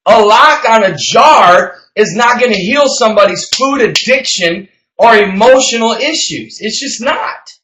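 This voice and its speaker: A passionate man hosting a health podcast, his voice high and bright as he pushes his point hard. He gets loud and emphatic, and the sound carries an echoey room. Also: expressive, measured pace, hardly any pauses, slight background noise. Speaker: health coach and show host. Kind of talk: energetic podcast talk.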